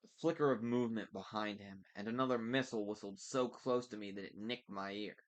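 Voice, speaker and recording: Guy reading a book out loud, lowish voice, chill and casual, fixes his slips. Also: brisk, highs cut off. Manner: relaxed, stops to correct slips. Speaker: book reader. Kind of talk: casual read-aloud narration.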